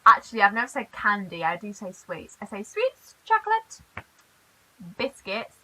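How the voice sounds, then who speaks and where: A British woman from the UK chatting in a casual vlog, animated and quick to laugh. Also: medium pitch, poor audio. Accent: British English. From United Kingdom. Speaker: YouTuber.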